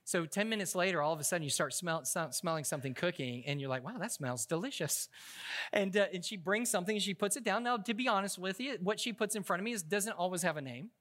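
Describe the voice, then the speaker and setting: A man's voice: sits high, animated, fast talker, hardly any pauses, fairly bright tone. A man preaching a sermon as a pastor, telling funny stories in a casual, conversational way and often stopping to restart his sentences. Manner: humorous, conversational storytelling with frequent restarts.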